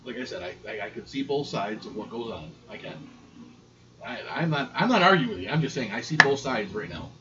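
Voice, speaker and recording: A man co-hosting a casual podcast, reading news haltingly and arguing mildly. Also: mid-range voice, sing-song. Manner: halting, stumbling reader, conciliatory. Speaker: podcast co-host. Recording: lo-fi audio with background noise.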